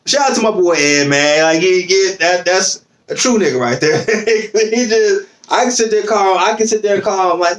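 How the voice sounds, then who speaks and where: A man's voice: high-pitched, moderate pace, few pauses, a bit bright. A man hosting a casual podcast, telling stories with a joking, laughing manner. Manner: laughs often, joking storyteller. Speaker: podcast host.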